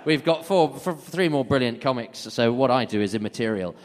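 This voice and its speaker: A man's voice: medium pitch, lively intonation, a little fast. A man doing stand-up banter on stage, rambling, self-mocking and sweary. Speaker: comedian hosting a gig. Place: comedy club stage. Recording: live room with long reverb.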